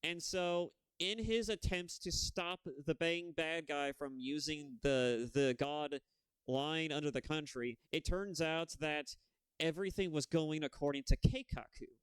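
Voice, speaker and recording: On a casual gaming stream, a young man rants with heat and plenty of profanity, wandering from one point to the next at an unhurried pace. His slightly high voice is smooth and clean, recorded dry on a close mic with no room sound or echo.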